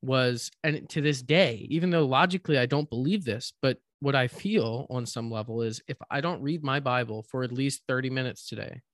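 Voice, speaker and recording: A man's voice: mid-range voice, moderate pace, hardly any pauses, no room sound, studio quality. A man co-hosting a faith podcast, reflective, building his points with pointed questions. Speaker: podcast co-host. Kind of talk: casual faith podcast chat.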